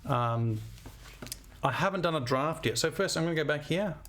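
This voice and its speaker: A man's voice: fairly high pitch, lively intonation, normal speed, noisy background. A man, a music teacher talking through a composition demo while thinking aloud. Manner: thinking aloud, scatting melodies. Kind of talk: screen-recorded composition demo.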